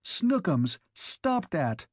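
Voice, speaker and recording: A man's voice: mid-range voice, expressive, moderate pace, dark tone, no room sound, clean studio sound. A man voicing a firm, commanding young woman giving orders. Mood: urgent.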